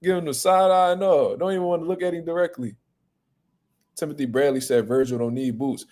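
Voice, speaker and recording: A man hosting a boxing talk show, chatting casually in a blunt, profane, animated way. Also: on the high side, a little fast. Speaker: boxing podcast host. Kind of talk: casual chat.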